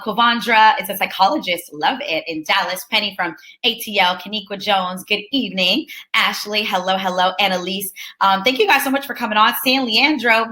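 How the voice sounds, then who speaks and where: A woman's voice: mid-range voice, bright, forceful tone. A young woman from Southern California with a Californian accent, hosting a live webinar and greeting attendees by name in an upbeat, chatty way. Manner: upbeat, chatty, reads names aloud with quick enthusiastic reactions. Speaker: webinar host.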